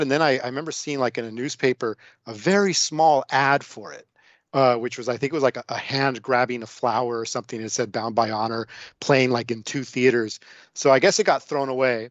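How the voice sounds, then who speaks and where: Male podcast guest, mid pitch, meandering storyteller, dry muffled recording. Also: a little fast, a bit bright, no echo. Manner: rambling storytelling with many fillers. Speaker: guest film discussant. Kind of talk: casual podcast film chat.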